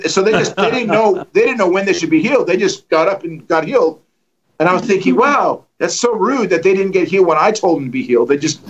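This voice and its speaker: Man, middle-aged, preacher, animated storytelling, rapid delivery. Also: high-pitched, dull audio. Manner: animated, acts out dialogue with lively voices. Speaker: guest preacher. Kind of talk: storytelling testimony.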